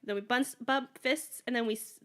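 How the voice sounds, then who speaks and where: A young woman co-hosting a casual podcast, telling animated stories, acting out other people's lines and laughing often. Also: on the high side, normal speed. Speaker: podcast co-host. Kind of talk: casual chat.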